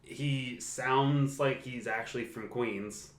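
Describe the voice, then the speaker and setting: A man co-hosting a podcast, relaxed and chatty, recapping movie scenes and laughing often. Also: medium pitch, takes it slowly, roomy sound. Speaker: podcast co-host. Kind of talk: casual movie discussion.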